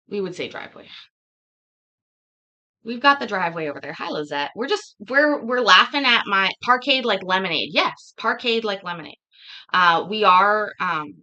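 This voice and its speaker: Canadian woman, streamer host, slow unhurried delivery, playful and laughing. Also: mid-range voice, pushed and bright, lo-fi sound. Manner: laughing, playful, mock-arguing about pronunciation. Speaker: livestream host. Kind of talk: casual chat with live viewers.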